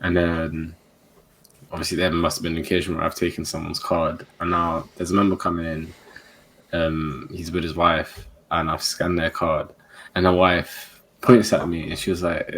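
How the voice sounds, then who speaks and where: A young man telling a work story in animated bursts on a group video call. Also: sits low, moderate pace, a little hiss or hum. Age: young adult.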